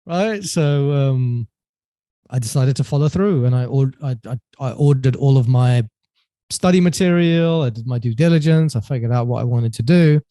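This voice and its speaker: A man as a podcast guest, telling his story in a relaxed way with many fillers and self-corrections. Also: mid-range voice, moderate pace, dry recording. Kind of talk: casual storytelling interview.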